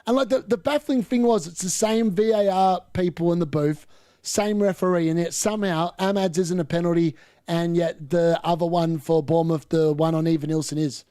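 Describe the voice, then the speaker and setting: A man hosting a live football watchalong, commenting on play and ranting opinions, getting excitable and yelling at chances. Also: on the high side, moderate pace, no echo, studio quality. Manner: excitable, yells at chances on screen. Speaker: host of a fantasy football watchalong.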